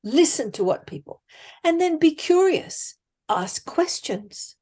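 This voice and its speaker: Slow, emphatic woman coach. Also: high voice, big pitch swings, darkish tone. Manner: emphatic, deliberate, acts out example thoughts. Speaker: life coach and author, interview guest. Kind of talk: conversational coaching talk.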